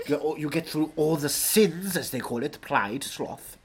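A man doing a comedic impression of a pompous older Welsh gentleman, drawling and grandly repeating praise. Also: fairly high pitch, a little slow, natural voice. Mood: pompous, mock-grand. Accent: put-on Welsh. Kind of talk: comedic impression in casual chat. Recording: faint background noise.

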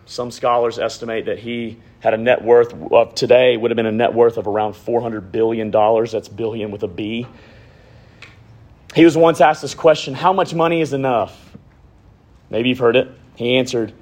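A pastor in his thirties with a mid-range voice preaches a sermon, moving from raised emphasis down to hushed lines that are almost whispered.

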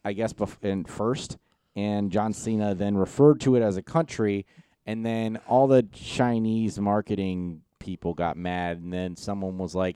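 A man's voice: lowish voice, fairly even intonation, measured pace, mellow, smooth, no echo, studio quality. A man co-hosting a podcast in casual chat, rambling and hesitant as he explains things. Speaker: podcast co-host.

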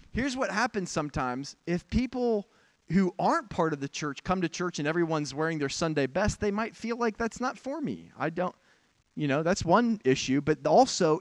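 Higher-voiced man preaching, dry close sound. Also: no echo. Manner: candid, conversational preaching with asides to the congregation. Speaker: pastor. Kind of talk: sermon.

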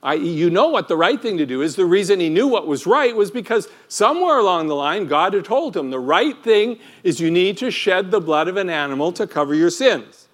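Lively animated male preacher. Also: high-pitched, brisk. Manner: animated, conversational preaching with rhetorical questions. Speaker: pastor. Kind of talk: sermon.

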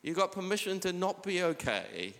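A male pastor preaches a relaxed, conversational sermon. His voice sits slightly high and reads scripture between stories. The sound trails off into a long church-hall reverb. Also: moderate pace.

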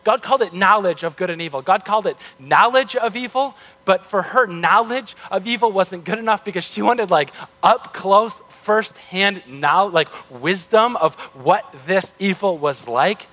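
Male pastor, relaxed conversational sermon, self-correcting, fairly high voice, long church reverb. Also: moderate pace, few pauses.

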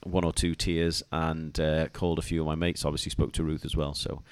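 A man co-hosting a podcast, telling a story with animated energy and laughing as he goes. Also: rumbling low, brisk, clean tone. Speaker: podcast co-host. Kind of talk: casual podcast chat.

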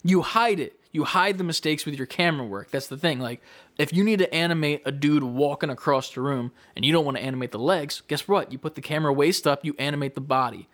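Animated young man telling a story. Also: fairly high pitch, fast talker. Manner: animated storyteller, acts out quoted lines, swears freely. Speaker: podcast co-host. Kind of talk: casual chat.

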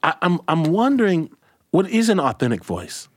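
A man hosting a casual roundtable chat, speaking reflectively and haltingly with many restarts. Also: fairly high pitch, wildly swooping pitch, dry recording, studio quality. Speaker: host.

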